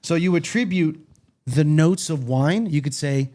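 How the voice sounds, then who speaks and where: A man co-hosting a podcast, chatting in a blunt, animated way and swearing freely. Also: a little high, measured pace. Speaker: podcast co-host. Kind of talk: casual chat. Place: studio.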